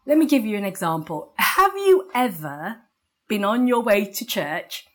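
An English woman delivers a sermon at an unhurried pace. Her tone is conversational, and she keeps asking the congregation for an amen. She often laughs lightly at her own asides. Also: mid-range voice, very animated. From England. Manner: conversational, asks the congregation for amens, laughs at herself. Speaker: preacher.

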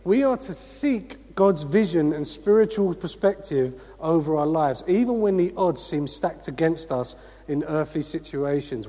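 A man delivering an energetic sermon in a fairly high voice. He preaches with rhetorical questions and calls out to the congregation. His voice rings through a large church hall with a long reverb tail.

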